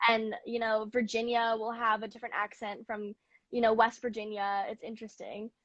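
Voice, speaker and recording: A woman's voice: a little high, little pitch movement, moderate pace, fairly bright tone, dry recording. Woman, Mid-Atlantic American accent, interview guest, chatty, dry lo-fi recording. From New York and Pennsylvania. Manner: chatty, laughs often. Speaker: music artist guest. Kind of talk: casual interview chat. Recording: dull lo-fi dry sound.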